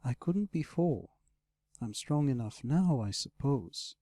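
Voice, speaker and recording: A man voicing a caring young female blue dragon, speaking softly and gently in an audiobook. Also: medium pitch, lively intonation, slow, dry recording. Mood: explaining. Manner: soft, gentle. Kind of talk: audiobook character voice.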